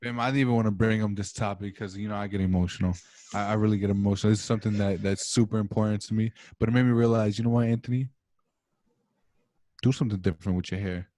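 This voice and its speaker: A man's voice: on the low side, fairly even intonation, fast talker, warm tone, dry recording. A young man and podcast host on a video call, going on an impassioned, rambling monologue full of swearing. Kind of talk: casual chat over video call.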